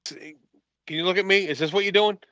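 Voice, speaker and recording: A man's voice: sits high, fairly quick, bright, forceful tone, no room sound, lo-fi sound. A man co-hosting a podcast, teasing and questioning the others in casual banter. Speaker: podcast co-host.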